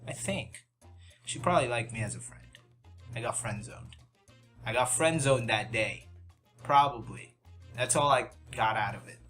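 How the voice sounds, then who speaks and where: A young man hosting a YouTube channel tells a story over a music bed, his medium-pitched voice animated and a bit bright, measured in pace, with long pauses. His casual vlog style is rambling and self-deprecating, with lots of restarts and asides.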